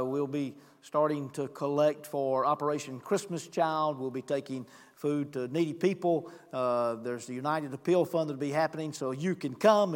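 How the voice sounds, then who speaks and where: A man preaching a sermon as pastor, giving church announcements and reading scripture with earnest emphasis. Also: fairly high pitch. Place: church sanctuary. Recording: long hall reverb.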